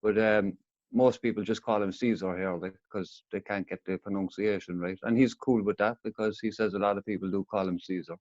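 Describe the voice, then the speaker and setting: A man's voice: on the low side, fairly even intonation, fairly quick, darkish tone, dry recording, highs cut off. A man with a Cork Irish accent chatting in an easygoing, hesitant way on a call. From Ireland. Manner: easygoing, hesitant with many uhs. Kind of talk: casual chat.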